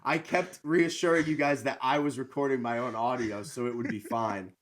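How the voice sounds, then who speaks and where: A man's voice: mid-range voice, fairly even intonation, normal speed, slight background noise. Young male podcast co-host, rambling and exasperated, plain mid voice. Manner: rambling, self-deprecating, exasperated. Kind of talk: casual chat.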